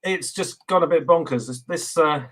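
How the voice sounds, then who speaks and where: A man from England as a guest in a casual video interview, relaxed and rambling with many fillers. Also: fairly high pitch, moderate pace, rough recording.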